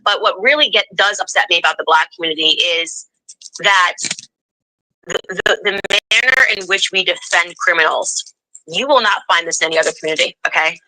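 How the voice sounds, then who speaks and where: A woman political commentator answering interview questions in an emphatic, lively way. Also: on the low side, brisk, poor audio. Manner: emphatic, mimics voices in quotes. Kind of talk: interview answer, played clip.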